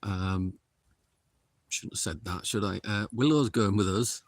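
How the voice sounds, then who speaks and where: A middle-aged man, livestreaming a paranormal investigation outdoors in a windy cemetery and calling out slowly to spirits in a hushed voice. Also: lowish voice, dry recording. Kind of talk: casual live commentary.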